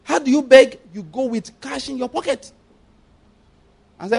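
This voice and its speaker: A man's voice: extremely high pitch, animated, normal speed, gravelly, long pauses, a little mellow, husky. A man with a Nigerian accent preaching a sermon, emphatic and rhetorical, often asking whether listeners get his point. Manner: emphatic, rhetorical, acts out quoted pleas.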